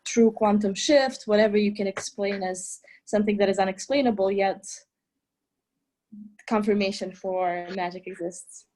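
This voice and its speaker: She is a woman hosting a webinar who asks her guest a question over a video call. Her phrasing is halting, with restarts as she looks for the right words. Her pitch sits in an ordinary middle range. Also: steady tone, a little mellow, rough recording. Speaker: webinar interviewer.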